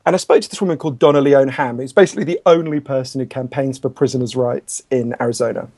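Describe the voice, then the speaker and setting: Fast-talking man telling stories. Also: mid-range voice. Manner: quick, chatty, animated storyteller with self-deprecating asides. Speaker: author and podcast guest. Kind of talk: conversational interview storytelling.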